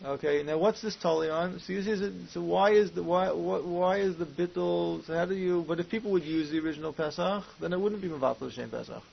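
A man with a high, gravelly voice teaches a Talmud class at a slightly fast clip, barely pausing as he reasons aloud and poses questions using Hebrew and Aramaic terms. The recording is muffled and lo-fi, with faint hiss.

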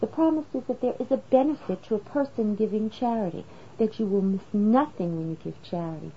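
A female Torah teacher works through the text in a brisk, mellow, mid-pitched voice, explaining as she goes and posing rhetorical questions. The audio is slightly dull and lo-fi, with a faint hiss.

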